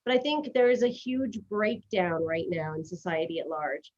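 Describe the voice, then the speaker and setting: Woman host, casual live chat, fast, chatty, self-deprecating; muffled stream sound. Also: fairly low pitch, lively intonation, darkish tone. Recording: dull lo-fi stream audio.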